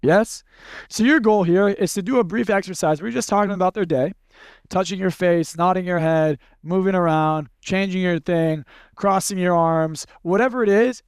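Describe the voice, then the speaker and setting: A man leading a live seminar workshop, talking bluntly and casually, running demonstrations with volunteers and slipping into quick acted snippets. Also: sits high, no echo, clean studio sound. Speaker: seminar speaker.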